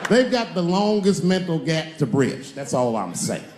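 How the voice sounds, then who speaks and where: A man in his forties performs stand-up in a roomy live venue with a faint hum of ambience. His voice sits high for a man and swings up into shouted punchlines. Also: very animated, normal speed. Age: 40s. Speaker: stand-up comedian. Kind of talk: stand-up comedy. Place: comedy stage before a live audience.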